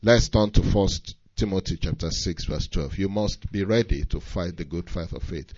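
A man's voice: low-pitched, moderate pace, a little mellow, dry recording, dull audio. A man preaching a sermon, reading scripture and pressing his points with rising emphasis.

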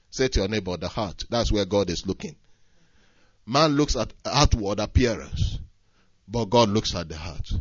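A man preaching a sermon, moving from near-hushed lines to shouted emphasis, with repetitive, emphatic phrasing. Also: on the low side, no echo, highs cut off.

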